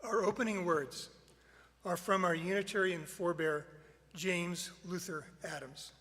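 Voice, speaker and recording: Man leading worship, bright and measured, echoing in a large sanctuary. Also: high-pitched, fairly even intonation. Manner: measured, deliberate reading. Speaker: worship leader. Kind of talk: reading at a worship service.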